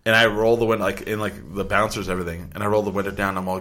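A man with a fairly low voice chats casually on a talk show. He tells stories loosely and often swears. He drops into other people's voices for their lines. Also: fairly even intonation, very fast, a bit bright. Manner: profane storyteller who acts out other people's lines. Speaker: podcast co-host. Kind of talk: casual chat.

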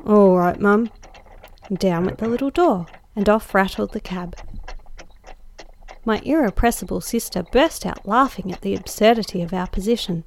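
A woman narrating a classic story aloud as guest host, measured and dryly expressive. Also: medium pitch, a little hiss or hum. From Australia. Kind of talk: audiobook narration.

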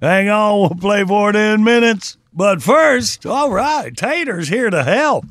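A man's voice: high voice, lively intonation, a little slow, music in the background. Folksy male morning radio host. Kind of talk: casual morning radio banter.

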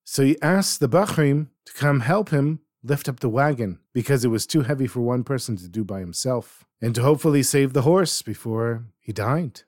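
A man narrating a story in an earnest manner, with dramatic pauses. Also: mid-range voice, a little mellow, dry recording, clean studio sound.

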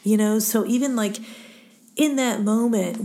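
A middle-aged woman hosts a faith-based interview in a warm, mellow voice. She speaks softly and often sinks into a breathy near-whisper. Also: mid-range voice, measured pace. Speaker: podcast host interviewing her daughter.

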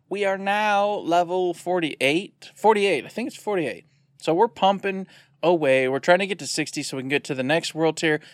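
A man co-hosting a video game podcast in an animated, jokey way, laughing often. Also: fairly high pitch, no room sound, studio quality. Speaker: podcast co-host. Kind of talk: casual chat.

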